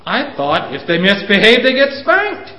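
A man in his fifties lecturing parents, animated, pushing his voice up for emphasis and chuckling at himself. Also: sits high, moderate pace. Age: 50s. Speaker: speaker on parenting. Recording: roomy, dull lo-fi recording.

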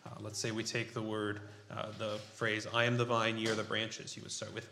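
A man preaching a sermon. He talks in an unhurried, halting way with frequent fillers and leads a scripture reading. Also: lowish voice, animated, creaky, sharp tone, slight background noise. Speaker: pastor. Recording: roomy echo.

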